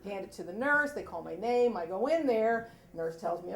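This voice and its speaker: A woman's voice: mid-range voice, expressive, moderate pace, gravelly, few pauses. A woman in her forties from Delaware, telling a funny personal story at a live story slam, chatty and self-mocking, laughing as she goes. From Delaware, USA. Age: 40s. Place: stage before a live audience in a hall. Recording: echoey hall, audience noise.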